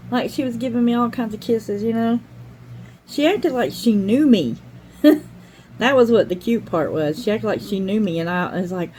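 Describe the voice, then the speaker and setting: Older woman, craft channel host, rambling heartfelt chat, warm mellow voice, faint background noise. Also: a little high, moderate pace, rough recording. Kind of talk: casual chat while crafting.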